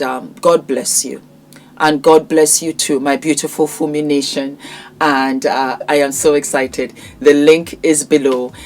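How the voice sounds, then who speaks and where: A woman with a Nigerian accent presenting products in a chatty vlog, effusive and fond of calling viewers "my darling". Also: low voice.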